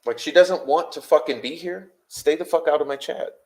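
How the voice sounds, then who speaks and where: A man hosting a livestream, answering his chat in an exasperated, confrontational rant full of swearing and rapid-fire rhetorical questions. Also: fairly high pitch, darkish tone. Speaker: livestream host.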